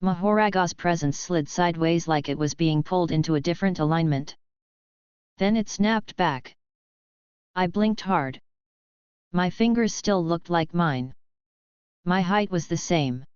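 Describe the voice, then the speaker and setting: Woman narrator for a fanfic audiobook, slow deliberate reading, smooth clear voice, dull lo-fi sound. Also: on the low side, a little mellow, no echo. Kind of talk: first-person story narration.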